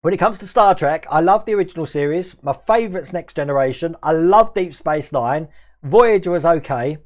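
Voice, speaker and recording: A man's voice: on the high side, lively intonation, moderate pace. A man hosting a scale modelling livestream, chatting casually and rambling as he reads out viewers' comments and answers them.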